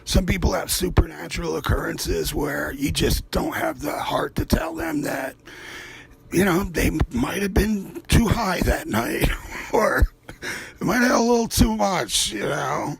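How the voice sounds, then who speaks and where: Very animated yet unhurried, this man has a high voice with vocal fry as he hosts his own art show and paints. He keeps up a casual, profane, rambling monologue that drifts between topics, with slight background noise.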